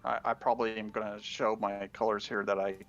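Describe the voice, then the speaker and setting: A man's voice: lowish voice, little pitch movement, a little fast, muffled recording, soft background music. A man co-hosting a gaming podcast, talking casually and rambling, with frequent restarts. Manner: rambling, restarts often, laughs while talking. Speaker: podcast co-host.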